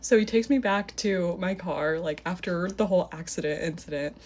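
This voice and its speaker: A young woman telling a dating story in a casual, animated way, full of "like" fillers. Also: on the low side, normal speed.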